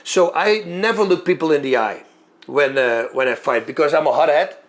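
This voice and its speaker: Guy with a slightly high voice telling old fight stories, really animated, does the sounds and moves. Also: normal speed. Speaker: former fighter. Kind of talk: storytelling monologue.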